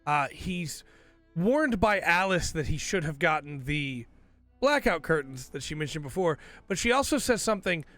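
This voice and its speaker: A man's voice: on the high side, expressive, moderate pace, a bit bright, no room sound, soft background music. A man hosting a podcast, giving a rambling, enthusiastic casual review while losing his voice. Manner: rambling, enthusiastic, self-correcting. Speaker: podcast host reviewing episodes.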